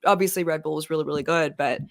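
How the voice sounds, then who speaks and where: A woman with a Canadian accent co-hosting a casual sports podcast, chatty and quick to laugh. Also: low voice, fairly even intonation, vocal fry. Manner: chatty, laughs often, uses "like". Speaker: podcast co-host.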